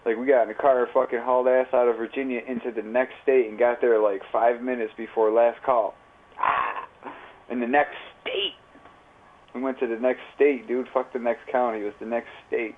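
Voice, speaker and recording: A man's voice: medium pitch, level tone, a little fast. A man telling a rambling, profane story in casual, slang-heavy chat while livestreaming. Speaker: live streamer. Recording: tinny phone-like audio.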